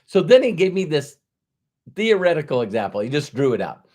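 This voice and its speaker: A man's voice: fairly high pitch, big pitch swings, brisk, darkish tone. A middle-aged man, a network marketing trainer, telling a motivational story and acting out both sides of a conversation.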